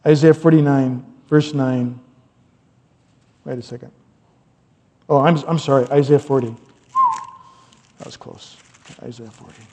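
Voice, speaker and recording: A middle-aged man preaching a sermon in a relaxed, conversational way, with rambling asides and bursts of loud emphasis. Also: mid-range voice, a little slow, long pauses. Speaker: pastor. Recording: long hall reverb.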